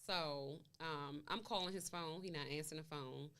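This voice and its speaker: Speaking at a moderate pace in a low, smooth, fairly bright voice, a woman interviewed as a guest, a mother, tells a long story and quotes the dialogue as she acts it out. The talk is conversational storytelling.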